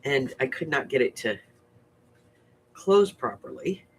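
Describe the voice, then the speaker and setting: A woman's voice: rumbling low, expressive, unhurried, slightly rough. A woman hosting a casual live crafting stream. She is sick with a cough and rambles as she greets viewers by name. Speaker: craft channel host.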